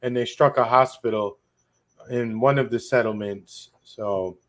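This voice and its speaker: A man's voice: mid-range voice, steady tone, a little slow. A man co-hosting a political podcast, speaking bluntly in casual slang with a sarcastic edge. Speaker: podcast co-host.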